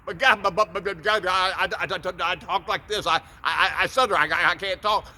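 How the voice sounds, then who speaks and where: A man's voice: sits high, fairly even intonation, a little fast, bright, forceful tone, heavily acted. A man voicing a stammering old prophet who pleads and repeats his words as he retells a story in a sermon. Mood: pleading.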